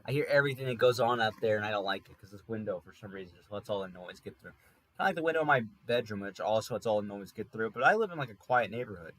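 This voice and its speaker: A man's voice: lowish voice, expressive, quick pace, fairly bright tone. A man telling a rambling, wry story in a casual monologue from an apartment room. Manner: rambling, self-correcting, wry. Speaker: podcast host. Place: room in an apartment near a highway.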